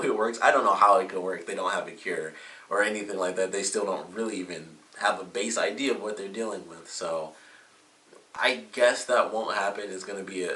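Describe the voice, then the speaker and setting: A man's voice: sits low, bright, forceful tone. A man giving a casual, rambling review of a TV episode, with lots of fillers and self-corrections. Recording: roomy echo, mic at a distance.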